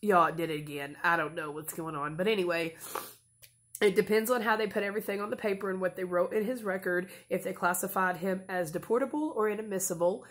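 In a home vlog, a woman in her thirties talks to camera casually and earnestly, rambling at times and showing her emotions openly. Her voice is fairly low and a little fast.

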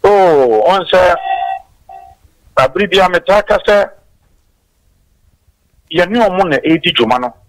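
A man's voice: high-pitched, animated, a little slow, pauses often, low-quality recording. A man with a Ghanaian accent calling in by phone to a political talk show, speaking emphatically and mixing in blessings. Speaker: caller. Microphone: phone line.

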